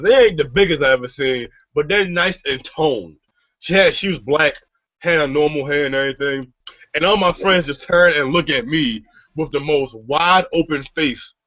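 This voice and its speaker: Rambling young man with a bright voice. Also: a little high, dry recording, muffled recording. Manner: rambling, profane, restarts often. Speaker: podcast host telling a story. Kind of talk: casual storytelling chat.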